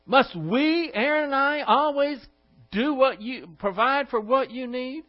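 A fed-up, furious Moses shouting down a complaining crowd, as a man acts him out. The voice sits high and rings with indignation. The recording sounds dull and lo-fi. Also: expressive, a little fast. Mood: angry. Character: furious exasperated man, Moses scolding rebels.

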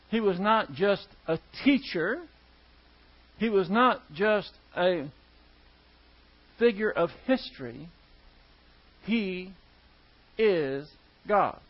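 A man with a high voice teaches a Bible passage word by word. He talks in an easy, conversational way and leans hard on key words. The recording sounds dull and lo-fi. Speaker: preacher.

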